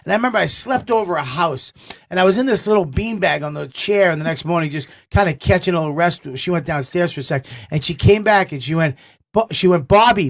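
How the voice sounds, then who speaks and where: A middle-aged man, a comedian telling stories on a talk show, excitable and swearing a lot. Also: high voice. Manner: excitable, swears a lot, shouts in quoted outbursts. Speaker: guest comedian. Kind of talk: animated storytelling chat.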